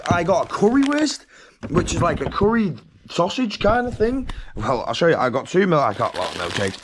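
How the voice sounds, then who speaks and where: Lively excitable lad. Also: male voice, medium pitch, noisy background. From England. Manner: chatty and excitable, laughs often, slangy. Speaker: travel vlogger. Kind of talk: casual vlog chat to camera. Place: glamping site outdoors.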